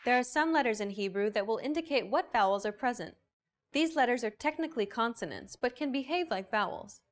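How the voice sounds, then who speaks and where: A woman's voice: on the high side, big pitch swings, a little fast. A woman hosting and narrating a scripted language lesson, explaining points and recapping. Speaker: lesson host.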